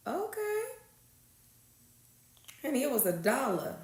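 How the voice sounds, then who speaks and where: A woman's voice: a little high, big pitch swings, moderate pace, creaky, pauses often. A woman hosting a casual livestream, chatting with viewers and greeting them by name, calling them honey and y'all. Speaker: livestream host. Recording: echoey room.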